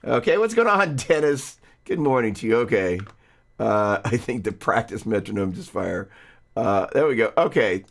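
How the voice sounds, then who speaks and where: Rambling low-voiced man teaching guitar. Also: big pitch swings, normal speed, vocal fry. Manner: rambling, self-interrupting, chatty. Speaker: guitar teacher hosting a live stream. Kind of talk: casual live-stream guitar lesson.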